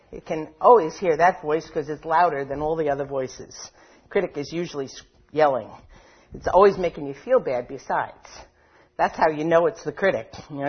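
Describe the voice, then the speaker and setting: A woman with a fairly low, husky voice talks easily to a live audience about listening to your inner voices. She fills her talk with 'you know' and slips into quoted voices. The recording is a little dull and lo-fi. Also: fairly quick. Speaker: workshop speaker.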